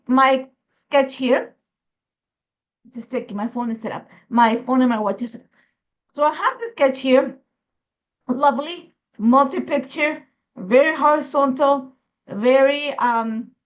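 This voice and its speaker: A high-voiced woman from Ecuador with a Spanish accent talks through her crafting, rambling with plenty of fillers. Her throat is irritated and she is holding back a cough. The recording is dull and lo-fi. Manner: chatty, rambling, many fillers. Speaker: crafting host. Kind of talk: casual crafting process video.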